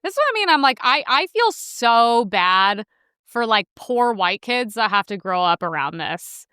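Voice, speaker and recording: A woman's voice: fairly high pitch, sing-song, measured pace, sharp tone, clean tone, no room sound. A young woman hosting her own show, riffing sarcastically on news clips in a rambling, casual way full of fillers. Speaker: host.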